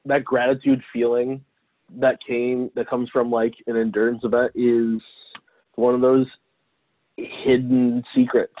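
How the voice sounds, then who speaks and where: Man host, relaxed interviewer, phone-like thin sound. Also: mid-range voice, a little slow, no room sound. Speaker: podcast host. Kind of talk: casual interview. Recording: tinny phone-like line.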